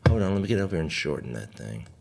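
A man's voice: rumbling low, big pitch swings, rapid-fire, vocal fry, darkish tone. An older man, hosting a live stream in a folksy, joking way and chatting with viewers. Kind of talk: casual live-stream chat and hymn singing.

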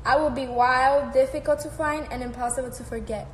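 A woman's voice: sits high, steady tone, brisk. A teenage girl on a live stream, chatting casually, reading and answering fan comments, laughing often and swearing freely. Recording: echoey room with faint background noise.

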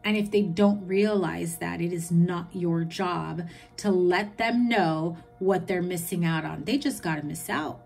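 A woman's voice: on the low side, a little slow, vocal fry, darkish tone, breathy edge, soft background music. A woman giving a tarot reading in a chatty, reassuring way, listing card meanings. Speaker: tarot reader.

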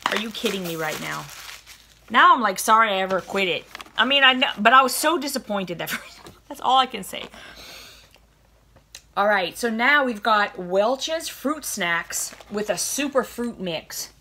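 A young woman chatting in a gushing, excited way while unboxing snacks for her viewers. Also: medium pitch, unhurried. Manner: gushing and chatty, lots of oh my goodness. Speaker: vlogger unboxing a snack box. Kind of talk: casual chat.

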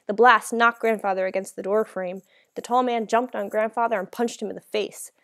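A woman's voice: mid-range voice, steady tone, normal speed, a bit bright. A woman narrating a first-person novel as an audiobook, reading in a dramatic, emotional way.

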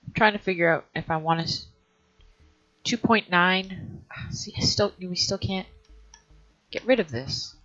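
A woman's voice: fairly low pitch, unhurried, pauses often, fairly bright tone. A woman hosting a let's play, thinking aloud in a hesitant way and often trailing off mid-sentence. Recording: dull lo-fi recording.

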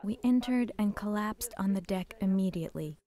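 An older woman whose first language is Polish, giving a halting, emotional personal testimony as a survivor. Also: mid-range voice, warm tone. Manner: emotional, halting storytelling, repeating words.

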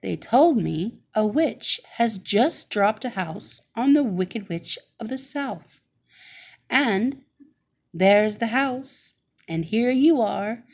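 Woman doing a kindly good witch, storybook, calm, explanatory, unhurried, lively pitch. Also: heavily acted.

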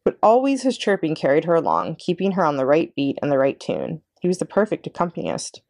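A librarian woman reading a children's chapter book aloud with expressive narration. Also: sits low, fairly quick, vocal fry, no echo, studio quality. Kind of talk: read-aloud storybook narration.

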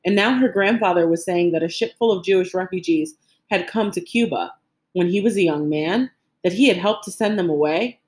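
A woman with a lowish voice narrates a novel as an audiobook reader. Her scripted reading is measured and expressive.

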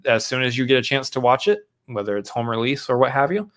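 A man co-hosting a casual movie podcast, relaxed and enthusiastic, telling stories at length with many fillers. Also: medium pitch, fast talker. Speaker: podcast co-host. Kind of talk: casual chat.

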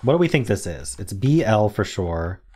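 A man's voice: fairly low pitch, very animated, normal speed, darkish tone, slightly rough. A young man casually thinking aloud while playing word puzzles, muttering guesses and mock-dramatically groaning at his mistakes. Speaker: word game streamer.

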